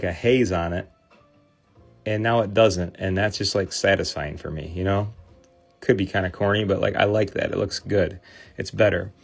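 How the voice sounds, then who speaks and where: A man with a Midwestern American accent, in his thirties, chats through a casual livestream as he works. His voice sits a little low, and he rambles in a friendly way with plenty of fillers and restarts. Soft music plays quietly behind him. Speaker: host of a card cleaning livestream. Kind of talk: casual livestream chat while working.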